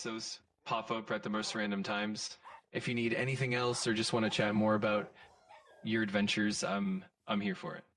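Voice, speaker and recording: Male synthetic voice, AI chat assistant, upbeat, agreeable, gravelly, heard from a distance. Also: lowish voice, fairly bright tone. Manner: upbeat, agreeable, eager to help. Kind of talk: conversational chat answers.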